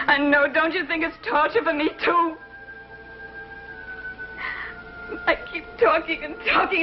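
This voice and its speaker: A lonely woman pleads tearfully down a phone line, stammering and breaking off mid-sentence, as an actress plays her. Her voice sits high. It comes through a muffled, dull old television soundtrack with music clearly underneath. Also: close to an everyday voice. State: crying. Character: lonely woman begging an estranged lover on the phone. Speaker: distraught caller. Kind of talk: 1950s television drama acting.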